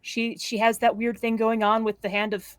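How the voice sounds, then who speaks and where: A woman's voice: fairly high pitch, level tone, normal speed, dry recording, studio quality. A woman playing a tabletop game, hesitant and giggly, full of restarts. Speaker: player.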